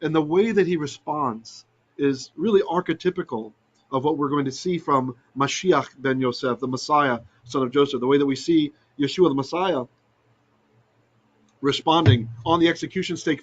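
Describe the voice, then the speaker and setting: Man, scripture teacher, fairly high voice, animated, lo-fi dull recording. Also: normal speed. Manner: animated, asks "right?" often, mixes in Hebrew terms. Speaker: Torah teacher. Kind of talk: Bible study teaching.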